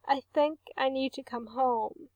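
Woman voicing a heartbroken young man, tearful, quiet, breaking voice, audiobook, dry sound. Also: high voice, unhurried, no echo, highs cut off. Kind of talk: audiobook reading.

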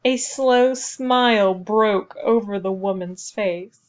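A woman reading a novel aloud as narrator, in a measured, even storytelling manner. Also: mid-range voice, dull audio. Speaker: audiobook narrator. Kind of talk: scripted narration.

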